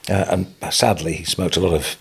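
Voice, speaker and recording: Older English businessman, husky, low-pitched, lively storyteller, podcast guest. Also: brisk. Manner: animated anecdotal storytelling, chuckling. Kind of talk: storytelling interview.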